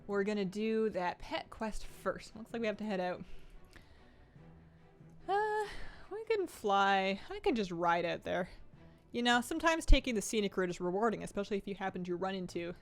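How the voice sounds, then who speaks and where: A woman's voice: medium pitch, big pitch swings, normal speed, soft background music. Chatty woman streamer, rambling, laughing often. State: slightly out of breath. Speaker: live-stream host. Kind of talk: casual live-stream chat while gaming. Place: at home.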